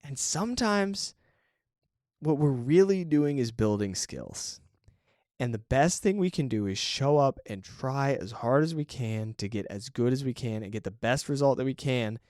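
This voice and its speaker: A man's voice: mid-range voice, expressive, unhurried, a little mellow, dry recording. Male podcast host, reflective and chatty, mid-range voice, dry recording. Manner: reflective, conversational, often asks "right?". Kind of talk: casual solo talk on creative work.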